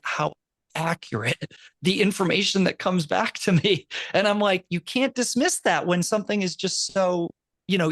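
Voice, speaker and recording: A man, a university professor, speaking in casual conversation as an animated storyteller, full of quick asides and restarts. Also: sits high, no room sound. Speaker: university professor and podcast co-host.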